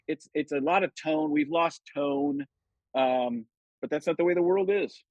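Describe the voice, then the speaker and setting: A middle-aged man, a comedian guest on a podcast, chatting casually and telling stories with lively quoted voices. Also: on the high side, normal speed, no echo, poor audio. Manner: animated storytelling, jumps into quoted voices. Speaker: guest impressionist.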